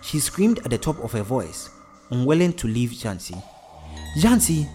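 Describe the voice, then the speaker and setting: A man narrating a story in a steady, even reading voice. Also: medium pitch, moderate pace, faint music behind.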